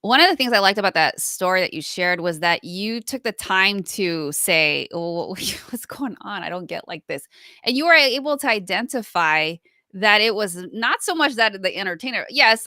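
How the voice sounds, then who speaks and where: A woman's voice: mid-range voice, expressive, normal speed, sharp tone, no echo, clean studio sound. A woman co-hosting a podcast, talking reflectively and acting out inner thoughts as she speaks. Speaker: podcast co-host. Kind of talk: casual conversational discussion.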